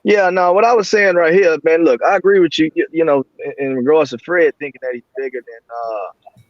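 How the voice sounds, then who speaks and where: A man in a casual boxing debate with a somewhat high voice. He builds his argument in a steady, measured way. His sound is dry and muffled, as if from a remote line. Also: no room sound. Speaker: guest.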